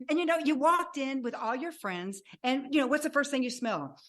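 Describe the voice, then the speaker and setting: An older woman in her sixties tells her own story as a guest, her somewhat high voice lively and expressive. She slips into the voices of the people she remembers as she goes. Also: moderate pace. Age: 60s. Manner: animated, acts out remembered dialogue. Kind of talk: personal storytelling.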